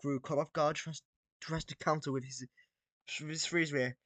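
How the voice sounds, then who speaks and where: Guy reading out ai battle stuff, casual, cusses a bit, bright slightly high voice, dry sound. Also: steady tone, moderate pace, dry recording. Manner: casual, swears and laughs between read lines. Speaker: video creator. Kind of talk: reading out and reacting to AI-written battles.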